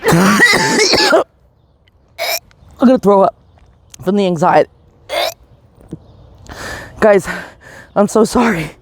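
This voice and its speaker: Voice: medium pitch, darkish tone, no room sound. A vlogger, panicky and short of breath, coughing and pleading in a shaky confessional vlog recorded on a phone while walking down a residential street outdoors.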